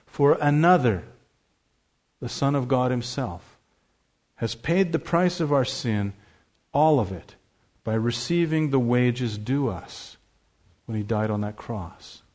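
A male pastor preaching a sermon in church, earnest, slowing down and repeating key phrases for stress. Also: mid-range voice, darkish tone.

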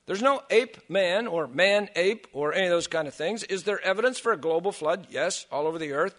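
A man's voice: high-pitched, expressive, fairly quick, fairly bright tone. A man giving an emphatic creationist lecture to a church audience, firing off rhetorical questions with joking asides. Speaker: creationist speaker.

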